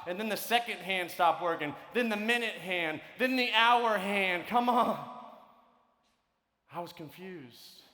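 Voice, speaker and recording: A man telling a story in a sermon to students, swinging between loud, lively stretches and hushed ones. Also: high voice, measured pace. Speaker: conference speaker. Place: large hall. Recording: echoey large hall.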